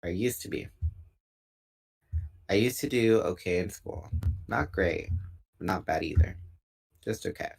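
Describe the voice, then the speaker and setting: A man with a notably deep voice reads a novel aloud. His delivery is relaxed and informal, and he sometimes stops to correct a slip before carrying on. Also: unhurried, gravelly, pauses often, breathy edge. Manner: relaxed, unpolished reading with small self-corrections. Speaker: book reader.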